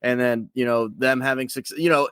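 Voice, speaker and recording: A man's voice: mid-range voice, fairly even intonation, moderate pace, fairly bright tone, clear, resonant tone, dry recording. Hesitant man talking sports on a podcast. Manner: hesitant, lots of fillers and restarts, laid-back. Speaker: guest podcaster. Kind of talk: casual sports podcast chat.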